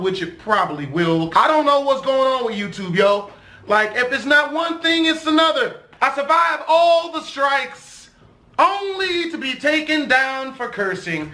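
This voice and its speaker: A young man in an animated, profane, rambling rant as a vlogger talking to camera. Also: extremely high pitch, reverberant.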